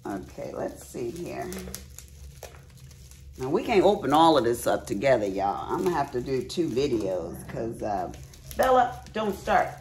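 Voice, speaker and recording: A woman's voice: extremely low pitch, big pitch swings, unhurried, darkish tone, a little hiss or hum. A middle-aged woman, chatting casually to viewers in a craft haul vlog at home, folksy and chatty. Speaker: crafting vlogger. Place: at home, bedroom.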